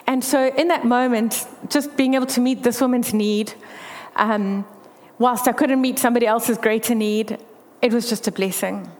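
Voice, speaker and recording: A woman's voice: a little high, fairly even intonation, normal speed. Earnest woman, hall reverb. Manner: earnest, candid storytelling. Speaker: speaker sharing a faith testimony. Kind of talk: personal testimony talk.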